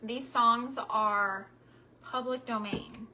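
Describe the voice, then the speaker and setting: Slow, bright-voiced chatty woman vlogger. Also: on the high side, fairly even intonation, a little hiss or hum. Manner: chatty, tender, warmly sentimental asides; talks directly to viewers. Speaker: craft vlogger chatting with live viewers. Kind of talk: casual chat while crafting.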